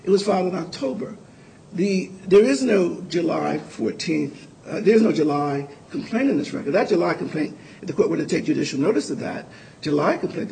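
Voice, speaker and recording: A man arguing an appeal before a panel of judges, earnest and halting, with frequent restarts. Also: fairly high pitch, creaky, darkish tone, slight background noise, poor audio. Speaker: appellate lawyer arguing for the appellant. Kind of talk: courtroom oral argument.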